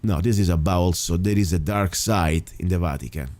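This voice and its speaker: Emphatic talk radio host, lowish voice. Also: male voice, fairly quick, a little mellow. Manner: emphatic, rambling with restarts. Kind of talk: casual talk radio monologue.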